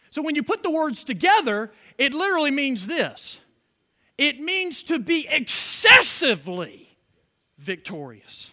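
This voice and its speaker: A man preaching to his congregation in a high, bright voice that leaps up and down. He drops in call-and-response asides as he goes. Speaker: pastor. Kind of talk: sermon.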